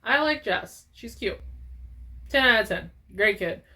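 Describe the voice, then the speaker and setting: A young woman gaming vlogger, talking casually in an animated, profane, exaggerated rant. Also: medium pitch, measured pace. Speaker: gaming YouTuber. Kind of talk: casual ranting vlog.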